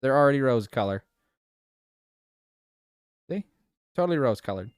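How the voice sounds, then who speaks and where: A man's voice: mid-range voice, lively intonation, normal speed, clean tone, no room sound, clean studio sound. A man streaming live, chatting casually with his viewers, giggling a lot and swearing playfully.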